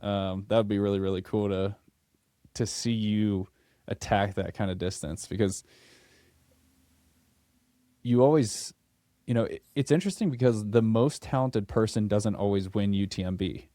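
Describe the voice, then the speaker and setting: A man hosting a podcast interview, chatting casually and laughing often with a relaxed, filler-heavy way of talking. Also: lowish voice, normal speed, long pauses, no room sound. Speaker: podcast host.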